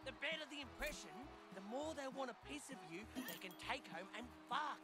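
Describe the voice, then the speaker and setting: An actor playing a greedy, flashy male demon boss, brash and crude, in an animated show. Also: extremely high pitch, a little fast. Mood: pushy. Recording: music under cartoon clip.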